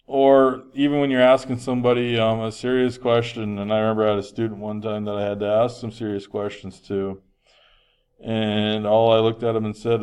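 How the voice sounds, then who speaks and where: A man's voice: medium pitch, smooth. Man lecturing a health class. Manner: conversational, frequent um fillers, projecting voice. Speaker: health teacher.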